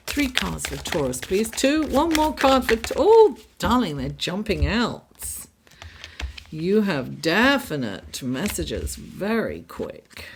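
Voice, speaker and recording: A woman with a raspy, gravelly voice takes her time through a weekly horoscope and tarot reading. She is a little under the weather. Her delivery is unhurried and thoughtful, full of fillers and restarts. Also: on the low side, wildly swooping pitch, very noisy. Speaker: astrologer and tarot reader.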